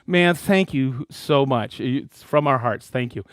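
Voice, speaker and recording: A man hosting a live stream in a casual, excited way, calling out viewers by name and hometown. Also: on the high side, measured pace, few pauses, smooth, no room sound, clean studio sound. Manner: excited, animated, reading viewer shout-outs. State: worked up and dusty after a demo. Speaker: host of a live product show.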